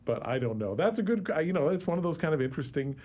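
A man's voice: on the high side, big pitch swings, lo-fi sound. A man guesting on a radio show, chatting about history with frequent laughs, fillers and restarts. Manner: chuckling, halting with many fillers. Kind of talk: casual radio chat.

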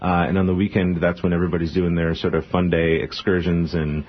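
A brewery owner with a deep voice and flat delivery appears as a radio interview guest. He speaks quickly and sincerely, leaning heavily on "uh" fillers, and the broadcast has a muffled, lo-fi quality.

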